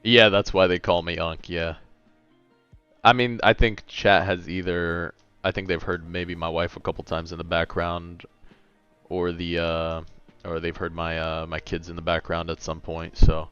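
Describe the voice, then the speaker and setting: Deep-voiced laid-back man in his late twenties. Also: little pitch movement, unhurried, fairly bright tone, smooth, dry recording, highs cut off, faint music behind. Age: late 20s. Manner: laid-back, chatty, a little tired. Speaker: gaming streamer. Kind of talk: casual livestream chat, reading chat.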